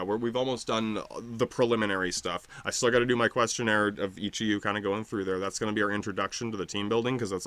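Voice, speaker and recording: A man's voice: on the low side, sharp tone, dry recording. A man leading an improvised space-mission role-play in casual chat, talking loosely with many fillers, restarts and swearing.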